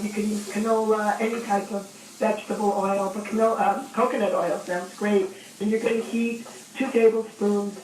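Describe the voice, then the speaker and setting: A hoarse, gravelly woman with a cold walks a cook through a recipe over the phone, pausing with ums as she explains. Her voice sounds distant in a roomy echo with a faint hiss. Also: medium pitch. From Maine. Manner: explains steps warmly in detail, with ums. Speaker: chef and cookbook author, guest on the phone. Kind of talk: casual instructional chat. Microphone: phone line. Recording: echoey, distant, faint noise.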